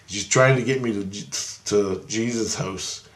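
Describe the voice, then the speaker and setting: A man telling a rambling personal story, swearing freely and getting excited. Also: on the low side, a little slow, echoey room. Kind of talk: casual anecdote.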